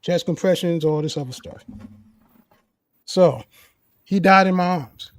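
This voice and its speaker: Earnest high-voiced man telling a story. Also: unhurried, no echo. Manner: earnest, emphatic, repeats key phrases. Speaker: co-host sharing a personal story. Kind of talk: casual conversation, storytelling.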